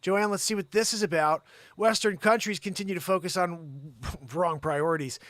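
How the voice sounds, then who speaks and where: A man hosting a comedy news show, reading stories with excitable asides, swearing and rants. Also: sits high, moderate pace, dry recording.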